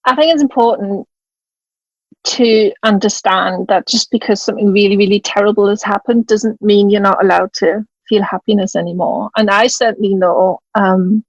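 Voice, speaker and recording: A German woman who is an author and widowed mother speaks as a guest on an interview podcast from her home in Scotland, casually recounting a personal story and acting out the quoted dialogue. Her medium-pitched voice moves at a normal pace with fairly even intonation. The recording is lo-fi and has no room sound.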